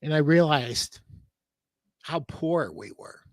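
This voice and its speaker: A man's voice: on the high side, animated, slow pace, dry recording. A man talking earnestly on a live podcast, getting choked up as he thanks retailers. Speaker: furniture sales rep guest.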